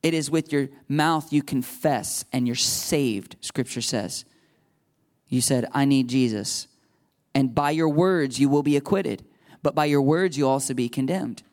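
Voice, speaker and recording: A man's voice: mid-range voice, a little slow, darkish tone. A man preaching a sermon to a live congregation in a loose, conversational way, joking and laughing at himself between points.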